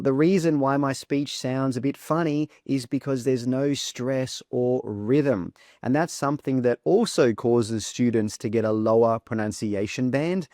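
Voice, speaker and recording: A man teaching an English speaking lesson in a clear, deliberate way, modelling words as examples. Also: medium pitch, darkish tone, no echo, clean studio sound. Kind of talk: instructional video lesson.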